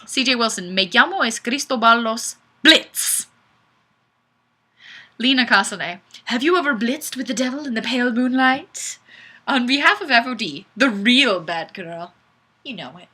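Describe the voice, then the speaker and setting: A playful woman reads out viewer comments during a live webcam chat, giggling and sing-song. She sounds fairly high and bright, with wide pitch swings and lively intonation, and she takes her time speaking; the audio comes from a webcam mic.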